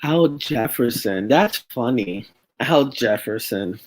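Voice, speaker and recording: A man's voice: mid-range voice, expressive, slow. A man hosting a casual sports talk show, rambling loosely and swearing freely. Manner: loose and profane, rambling with restarts. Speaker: podcast host.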